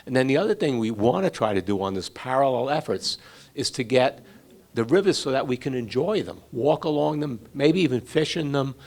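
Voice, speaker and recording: A man's voice: medium pitch, animated, a little fast, a little mellow. A middle-aged man on a flood committee, leading a community meeting in an informal, conversational way and calling on residents to speak. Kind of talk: running a community Q&A.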